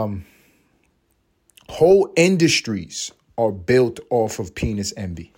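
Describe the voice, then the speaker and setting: A man's voice: fairly low pitch, big pitch swings, slow pace, pauses often, darkish tone, slightly rough. A man of Puerto Rican background doing a crude, rambling comedy podcast monologue, slipping into mocking voices and laughing. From Puerto Rico. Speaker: podcast host.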